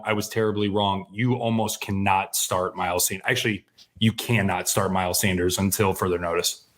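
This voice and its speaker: A man co-hosting a fantasy football podcast, talking in excitable, profane, casual sports chat. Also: medium pitch. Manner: excitable, swears freely, laughs at himself.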